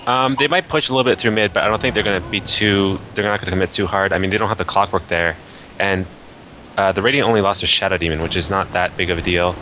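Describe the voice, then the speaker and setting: A man's voice: low voice, fast, sharp tone, a little hiss or hum. A man giving casual, analytical color commentary on an esports match, full of "I mean" and "like". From Canada.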